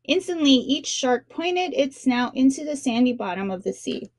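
A woman narrates a children's storybook aloud, leaning into the drama of each scene. Her voice sits fairly high, and the close, dry sound has no room echo. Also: normal speed. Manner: expressive storytelling with dramatic emphasis.

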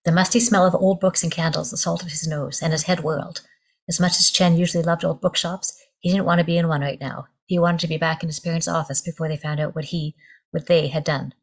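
A woman author reading her fiction aloud in a measured, descriptive way. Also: low voice, fairly even intonation.

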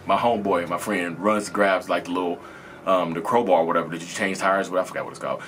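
Low and steady yet fairly bright in tone, this man's voice moves fast against slight background noise. In his thirties, he hosts a video and tells his own story casually and earnestly, rambling and reusing phrases.

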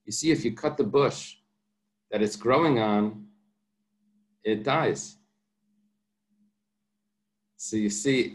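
With a slightly mellow voice on the low side, this man teaches a daf yomi class, reading Talmud in Aramaic and rendering it line by line. He explains patiently and drops in the occasional light joke.

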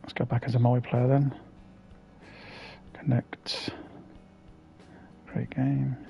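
A man's voice: medium pitch, flat delivery, slow pace, creaky, lo-fi sound, faint music behind. A man streaming a game, chatting casually with viewers, swearing and greeting them by name. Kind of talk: casual live-stream chat.

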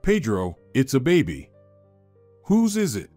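A man's voice: mid-range voice, wildly swooping pitch, unhurried, warm tone, faint music behind. A man voicing a tender young mother. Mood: astonished. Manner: tender, emotional. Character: loving young wife and mother.

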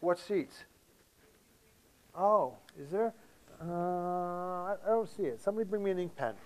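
Teasing, animated comedy host man. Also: sits high, measured pace, poor audio. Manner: mocking, profane, teasing. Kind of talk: loud teasing banter.

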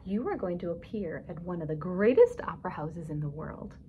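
An excited woman who plays piano, sharing big news with her dog, as a storybook reader puts her on. She speaks warmly and eagerly. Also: on the low side, brisk, lo-fi sound, slight background noise.

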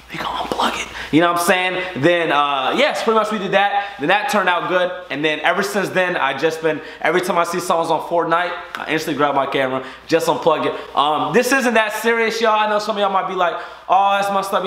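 A young man hosting a casual prank vlog, talking loud and teasing his friends. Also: high voice. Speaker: vlogger. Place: room with friends. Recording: echoey room.

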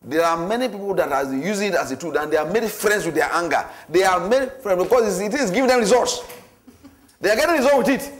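A man's voice: high-pitched, quick pace. A man teaching a church marriage class, repeating himself and acting out everyday scenes as he lectures. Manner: repetitive, animated, acts out scenarios.

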